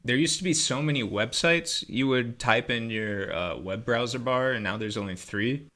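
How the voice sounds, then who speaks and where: Wry bright-toned man. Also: medium pitch, moderate pace. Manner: wry, deadpan, hesitant. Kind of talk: casual chat.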